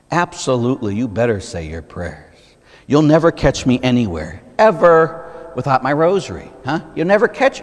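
A Catholic priest, a man, preaching a conversational sermon full of rhetorical questions and acted-out examples. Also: mid-range voice. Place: church. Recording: long reverb of a church.

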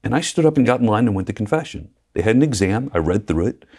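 A man, a preacher and guest, telling his faith story in a lively way, acting out quotes and laughing often. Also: fairly low pitch, quick pace, gravelly, breathy edge. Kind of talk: personal testimony in conversation.

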